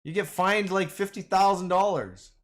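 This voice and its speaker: A man chatting casually through a trading livestream, rambling and excitable, calling his viewers "boys" and "man". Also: high-pitched, normal speed. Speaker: stock trading streamer. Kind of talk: casual livestream chat over charts.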